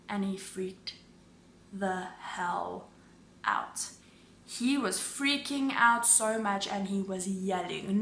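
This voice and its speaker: A woman vlogger telling a storytime in a lively way, acting out both sides of phone calls. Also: on the high side, roomy sound. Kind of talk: storytime vlog.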